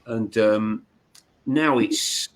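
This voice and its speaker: A man's voice: fairly low pitch, drawn-out words. Blunt, informal man. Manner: blunt and informal, with fillers and restarts. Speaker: co-host of a paranormal live stream. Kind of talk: casual chat.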